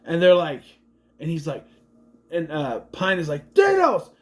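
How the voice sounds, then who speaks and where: A young adult man with a fairly high voice casually recaps and reviews a movie, rambling along and jumping into quick character impressions.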